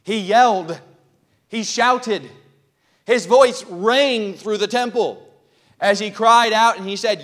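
A pastor preaching to his congregation in a notably high male voice. He builds his sermon into loud, impassioned cries and stops to check that his listeners are keeping up. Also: takes it slowly, long pauses. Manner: asks the congregation questions. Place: church.

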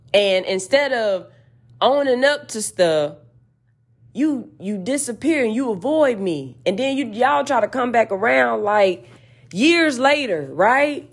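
A woman podcast host in an emphatic spiritual rant, fiery and profane. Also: fairly high pitch.

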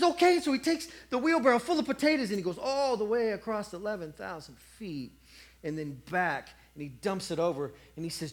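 A man's voice: high-pitched, animated, quick pace, a bit bright. A man preaching a sermon, telling a story and acting out the voices of a cheering crowd.

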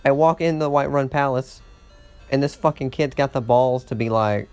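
Man, gamer commentary, rambling, swears a lot, mid-pitched voice, soft music underneath. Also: a little fast. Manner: rambling, swears often, laughs at himself. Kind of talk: casual let's-play commentary.

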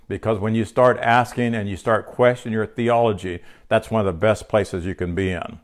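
An older male preacher delivers a sermon with a somewhat low voice. He speaks earnestly and a little haltingly, restarting phrases and repeating words as he works through his teaching. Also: fairly even intonation.

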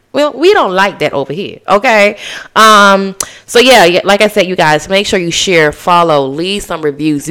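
A podcast host from the Bahamas in a casual solo chat, slangy and animated, talking straight to listeners. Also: medium pitch.

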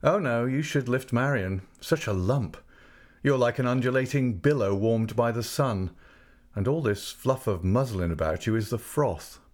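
A man voicing an earnest, courteous young gentleman in an audiobook. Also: medium pitch, moderate pace, lightly acted. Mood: tender. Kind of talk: audiobook character voice.

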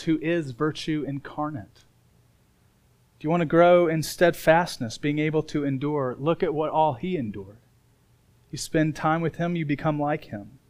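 A middle-aged man from Indiana preaching a sermon as pastor, telling a personal story with loud emphatic moments and quiet earnest asides. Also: a little high.

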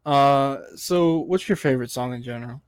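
Young male host, playful and teasing, upbeat casual interviewer, mid pitch. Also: normal speed, clean tone. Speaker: podcast host.

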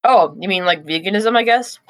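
A woman chatting offhand on a podcast, full of ums and small restarts as she reviews videos. Her voice sits at an ordinary middle pitch and sounds dry and close, with no room around it, coming through a remote call. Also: fairly quick, fairly bright tone, no echo, rough recording. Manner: offhand, talks while chewing, with frequent ums and restarts. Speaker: podcast co-host. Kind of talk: casual review chat.

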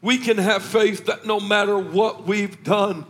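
Emotional preacher guy, high voice, goes from soft to shouting in a sermon. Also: steady tone, measured pace. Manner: swings from quiet to shouting with emotion. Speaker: pastor.

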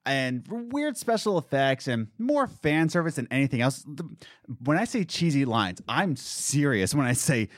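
Male co-host, casual rambling movie talk, very expressive pitch, dry mic. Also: moderate pace, no room sound. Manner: animated, rambling, laughs at himself. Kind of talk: casual chat.

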